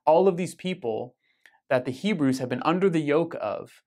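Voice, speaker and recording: A man's voice: fairly high pitch, animated, moderate pace, darkish tone. An American man leading a weekly parish Bible study, explaining scripture in a conversational way with frequent ums and self-corrections. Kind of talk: casual Bible study teaching.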